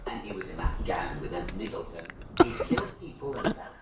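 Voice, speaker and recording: A man playing a paranoid, gossiping young lad from in a comedy animation clip, talking in a hushed, rambling way. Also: low voice, sing-song, a little fast. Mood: conspiratorial. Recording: echoey, distant, loud background noise.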